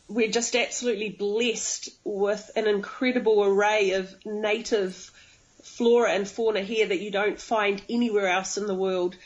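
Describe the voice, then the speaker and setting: A woman with a New Zealand accent, a guest on a radio show, chatting in a relaxed way with many ums. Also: medium pitch, highs cut off. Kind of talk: phone-in interview.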